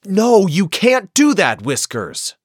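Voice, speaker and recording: A woman voicing a strict, exasperated father mouse who scolds his son in a husky tone. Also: mid-range voice, sing-song, takes it slowly, no echo, studio quality, voice pushed down, full character voice. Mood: scolding. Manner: stern, scolding.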